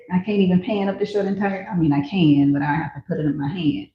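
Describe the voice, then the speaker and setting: Here a fairly low-pitched woman talks quickly over slight background noise. As a vlogger, she addresses her viewers with chatty enthusiasm while trying on and selling shoes, giving casual shop-with-me commentary in a roomy, slightly dull home recording.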